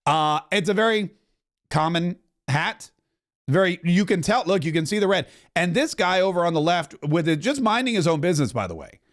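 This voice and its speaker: High-voiced joking podcast host, a man. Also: animated, moderate pace. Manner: joking, rambling, chuckling asides. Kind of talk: political commentary podcast.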